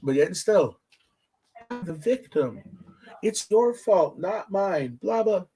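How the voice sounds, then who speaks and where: A man hosting a podcast, telling stories in a casual, profane, animated way. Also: a little slow. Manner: animated, profane storytelling with big pitch swings. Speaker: podcast host.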